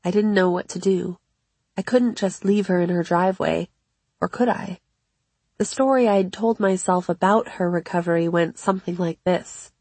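A woman reading her own memoir aloud in a measured, reflective first-person narration. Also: lowish voice, darkish tone, no room sound. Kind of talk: scripted audiobook narration.

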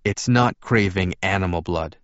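A man's voice: deep voice, moderate pace, fairly bright tone, no room sound, lo-fi sound. A man voicing an intense young man who speaks in a solemn, earnest way.

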